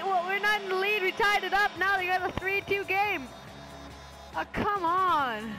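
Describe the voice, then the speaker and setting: A gamer reacting out loud to a hockey video game, excitable and quick to yell and groan, repeating words in rapid bursts. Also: very high-pitched, faint music behind, rough recording. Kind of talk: live gameplay reactions.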